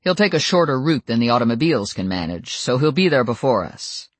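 An audiobook narrator voicing a reserved werewolf man who speaks in flat, measured, formal tones. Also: medium pitch, husky, dry recording. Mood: grave. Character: calm, stern male werewolf elder, few words.

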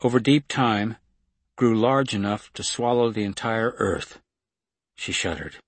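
Male audiobook narrator, measured and steady, husky tone, dry close recording. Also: lowish voice, dry recording. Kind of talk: scripted narration.

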